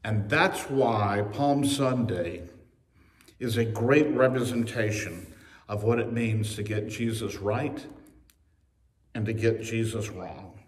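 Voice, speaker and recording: A man preaching a sermon as pastor, telling the story with humorous asides and acting out the quotes. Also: mid-range voice. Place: church sanctuary. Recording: echoey church recorded from a distance.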